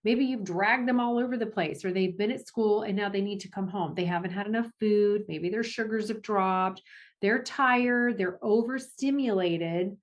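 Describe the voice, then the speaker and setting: An animated woman talking as a guest in an interview, her voice in a middling register. She keeps restarting her sentences and laughs often, jumping up in pitch when she acts out what people say. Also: moderate pace, dull audio. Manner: animated, acts out family quotes with big pitch jumps. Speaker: guest, parent advocate. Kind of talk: conversational podcast interview.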